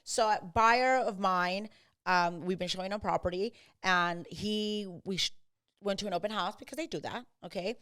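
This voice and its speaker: A woman real estate agent hosting a casual podcast chat, mixing English with Spanish and acting out clients in quick quotes. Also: mid-range voice, smooth. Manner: switches between English and Spanish; animated, acts out buyers and agents in quotes.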